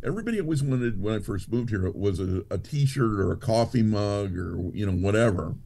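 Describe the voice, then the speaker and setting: A male guest on a talk show tells stories in a relaxed, easygoing manner. His voice is gravelly, with a dark, mellow tone. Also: lowish voice, fairly quick. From Nevada. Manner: laid-back storyteller. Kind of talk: casual chat.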